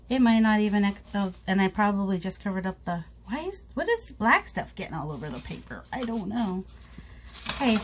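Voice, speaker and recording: A woman's voice: medium pitch, a little mellow, slight background noise, low-quality recording. Chatty woman rambling while crafting. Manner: rambling, self-mocking, talks to viewers while working. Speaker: craft vlogger. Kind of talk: casual chatty crafting vlog.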